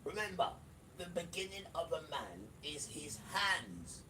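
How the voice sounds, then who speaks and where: A man's voice: fairly high pitch, big pitch swings, measured pace, noisy background. A man preaching an emphatic livestream sermon, repeating phrases and speaking straight to the listener. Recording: distant mic with loud music behind.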